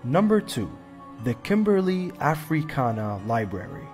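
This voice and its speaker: A man's voice: a little high, sing-song, measured pace, darkish tone, faint music behind. A man narrating a scripted countdown of haunted places in a dramatic, spooky manner.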